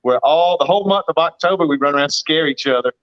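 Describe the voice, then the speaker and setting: In a casual livestream chat over a video call, a Southern US man in his fifties, appearing as a guest farmer, spins folksy stories and laughs often. His voice is fairly high and quick, and the sound is lo-fi.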